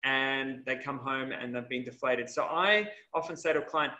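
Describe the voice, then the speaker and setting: Bright-voiced male coach on a video call. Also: medium pitch, normal speed, echoey room, muffled recording. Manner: earnest and conversational. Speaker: health and wellness coach.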